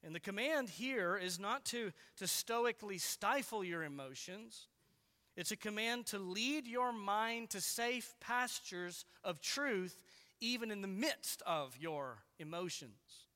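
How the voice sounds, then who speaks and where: Bright-voiced man preaching in a reverberant hall. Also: high voice. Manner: earnest and deliberate, with emphatic slowed key words. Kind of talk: sermon. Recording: long reverb of a large hall.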